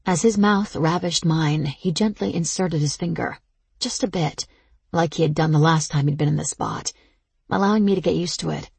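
Brief: woman audiobook narrator, intimate and slow, husky and gravelly. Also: low-pitched, darkish tone, dry recording. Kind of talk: first-person audiobook narration.

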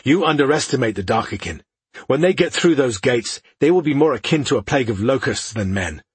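Brief: man voicing a husky, commanding old male elf, curt and contemptuous, dry and close. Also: mid-range voice, lively intonation, fairly quick, dry recording.

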